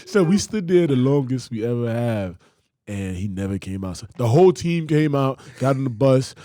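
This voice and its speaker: A young man from Brooklyn, co-hosting a casual chat and cutting in with fast jokes and acted-out quotes. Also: mid-range voice, big pitch swings, mellow, dry recording, studio quality. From Brooklyn, New York. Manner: fast joking interjections, jumps in with quotes and punchlines. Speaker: podcast co-host. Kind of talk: casual banter.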